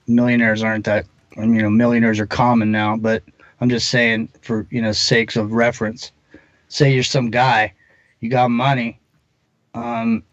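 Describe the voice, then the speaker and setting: A man's voice: medium pitch, no echo, highs cut off. A man speaking as a guest on a talk show, rambling through his points with lots of fillers and restarts. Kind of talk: casual conversation.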